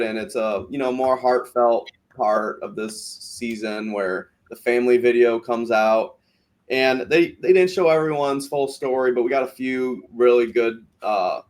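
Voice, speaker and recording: A man hosting a podcast in casual chat, recapping at length in an easygoing way with fillers. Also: medium pitch. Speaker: podcast host.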